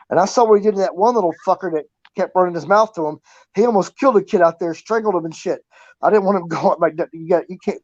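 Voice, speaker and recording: Full of profanity and laughter, a woman who served in the army tells crude tales from the barracks in relaxed conversation. Her medium-pitched voice is a little mellow, recorded dry on muffled, lo-fi audio.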